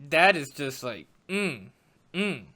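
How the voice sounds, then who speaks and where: Bright-voiced man, hesitant and musing. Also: a little high, sing-song, slow pace. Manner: hesitant, musing, with many ums. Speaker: podcast co-host. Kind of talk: casual chat.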